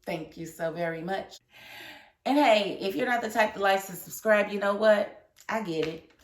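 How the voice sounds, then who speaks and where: A woman's voice: mid-range voice, normal speed. Sassy woman reviewing reality TV, roomy echo. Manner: sassy, animated, talks back to people on screen. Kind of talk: casual review vlog. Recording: echoey room.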